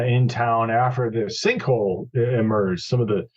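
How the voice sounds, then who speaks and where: A man playing a tabletop game, speaking haltingly and searching for words. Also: medium pitch, fairly even intonation. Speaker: player. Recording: dull lo-fi.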